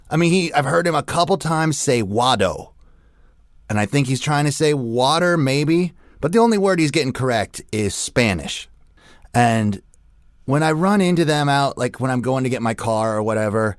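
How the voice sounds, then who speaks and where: A man's voice: medium pitch, dry recording, studio quality. A young adult man hosting a radio show, delivering a crude, profane, rambling comedic rant.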